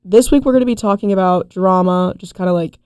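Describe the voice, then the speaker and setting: A young woman co-hosting a casual college podcast, upbeat and laughing often, with a raspy morning voice. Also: mid-range voice, fast, a little mellow, dry recording, studio quality. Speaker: co-host. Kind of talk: casual chat.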